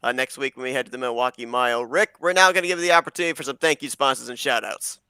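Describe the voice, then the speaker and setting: A man's voice: medium pitch, rapid-fire, bright, forceful tone, clear, resonant tone, no echo. A man commentating a sim racing broadcast in an upbeat, polished play-by-play manner. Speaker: race commentator.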